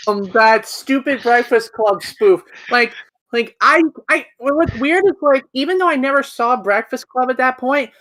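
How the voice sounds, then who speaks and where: A woman co-hosting a podcast in casual chat over a computer mic, blunt and quick to swear. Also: a little high, fairly bright tone, no echo, low-quality recording. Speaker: podcast co-host. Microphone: computer mic on an online call.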